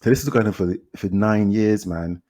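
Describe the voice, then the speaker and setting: A man with a London accent on a film podcast, retelling a documentary's story in a casual, animated way and acting out people's lines. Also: on the low side, normal speed. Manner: animated retelling, quotes people in character, repeats himself. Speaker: podcast co-host reviewing films. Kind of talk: casual chat.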